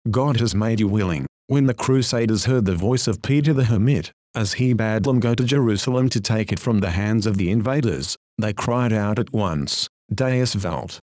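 A man's voice: lowish voice, fairly quick, hardly any pauses, darkish tone, dry recording, clean studio sound. A man preaching a sermon in an earnest, pleading way, with old-fashioned formal phrasing. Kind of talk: sermon reading.

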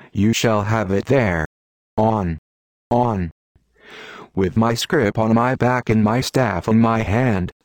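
Low, fervent male preacher, dry sound. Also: darkish tone, dry recording. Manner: fervent, solemn and rhetorical. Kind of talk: old-style sermon reading.

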